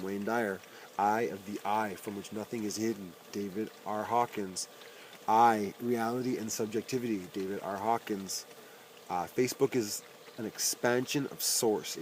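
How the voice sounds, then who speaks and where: A man's voice: fairly low pitch, a little hiss or hum, poor audio. A man reading aloud a long list of self-help titles and their authors, with dry, wry asides and his voice dropping on each name.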